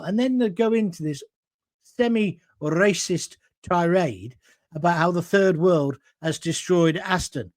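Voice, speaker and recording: A man's voice: high voice, expressive, a little slow, no echo, studio quality. A middle-aged man from Coventry hosting an online show, giving a blunt, rambling monologue and reading out viewer comments. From Coventry, England.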